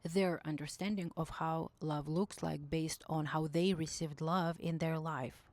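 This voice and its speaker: A woman's voice: low-pitched, steady tone, measured pace, darkish tone, dry recording. A woman giving intuitive spiritual advice in a casual monologue, speaking earnestly, often searching for words and rephrasing herself. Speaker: intuitive message reader.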